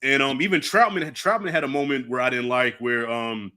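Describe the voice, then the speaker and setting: A man hosting a casual movie review, animated and profane, acting out lines from the film. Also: medium pitch, brisk. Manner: animated, swears freely, acts out lines from the film. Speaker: channel host.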